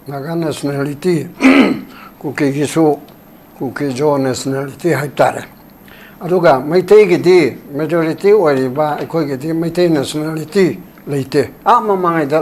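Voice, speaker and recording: An older man being interviewed about politics, speaking rapidly and emphatically, sometimes quoting documents in English. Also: on the high side, a little mellow, slight background noise. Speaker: former human rights commission chairperson, interview guest.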